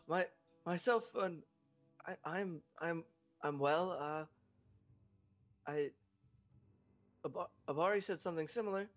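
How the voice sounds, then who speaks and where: Voice of a man playing a drowsy, stammering woman roused from sleep. Slightly high voice on a dull lo-fi recording. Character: sleepy woman, just woken, flustered.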